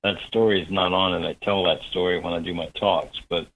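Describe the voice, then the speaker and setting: Male guest, husky and low-pitched, animated storyteller. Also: a little fast, lo-fi sound. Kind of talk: storytelling in a radio interview.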